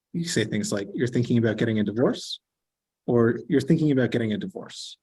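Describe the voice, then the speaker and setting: A man's voice: lowish voice, darkish tone. A man giving an earnest online training session as a trainer, explaining with frequent fillers.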